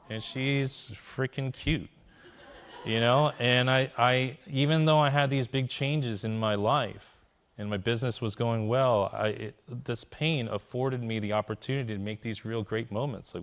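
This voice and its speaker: A man's voice: medium pitch, a bit bright, clear, resonant tone. A man telling his personal story to a live audience in a keynote talk, with candid, self-deprecating humor, often checking in with the listeners. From Korea. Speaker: conference speaker.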